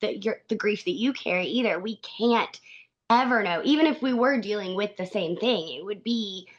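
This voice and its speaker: A woman speaking as a podcast guest in an earnest, halting way, often restarting her sentences. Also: medium pitch, highs cut off. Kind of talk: conversational interview.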